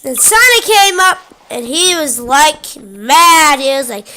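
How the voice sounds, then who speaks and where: A woman's voice: high-pitched, lively intonation, slow pace, bright, forceful tone. A woman casually retelling a game video, rambling with lots of "he was like". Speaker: narrator.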